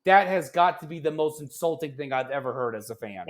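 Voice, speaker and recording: A man co-hosting a casual sports podcast, ranting in an animated, exasperated way that often turns loud. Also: fairly high pitch, fairly quick. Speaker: podcast co-host.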